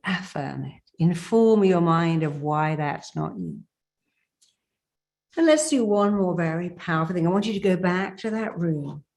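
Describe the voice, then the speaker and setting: A woman's voice: on the low side, a little mellow. A middle-aged woman, a therapist, leading a guided self-help exercise in an emphatic, commanding way, with phrases repeated for listeners to say back.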